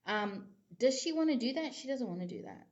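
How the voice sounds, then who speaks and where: A woman's voice: fairly high pitch, animated, a little fast, darkish tone, muffled recording. A woman, a psychic giving a casual tarot reading to camera in a rambling, chatty way full of filler phrases.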